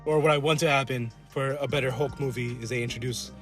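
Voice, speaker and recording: A man co-hosting a casual podcast, rambling and swearing as he riffs and acts out characters in quick asides. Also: medium pitch, steady tone, fairly bright tone, faint music behind. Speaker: podcast co-host. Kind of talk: casual chat. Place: collectibles shop.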